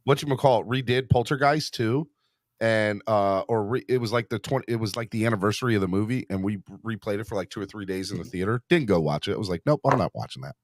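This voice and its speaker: Rambling, excitable male podcast host. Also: lowish voice, quick pace, no echo. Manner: rambling, excitable, many restarts. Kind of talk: casual podcast chat.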